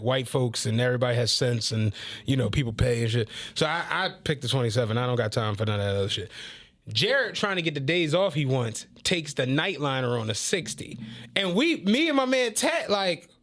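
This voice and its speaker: A man, a city bus driver swapping profane, animated stories on a casual podcast. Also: medium pitch, brisk. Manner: animated, profane anecdotes, laughing often.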